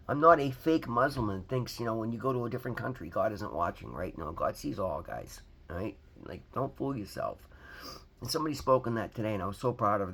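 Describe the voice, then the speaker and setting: A man's voice: medium pitch, gravelly, fairly bright tone, husky. A man giving a candid, earnest personal testimony about his recovery from his home, often restarting phrases and calling viewers "guys". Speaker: recovery vlogger.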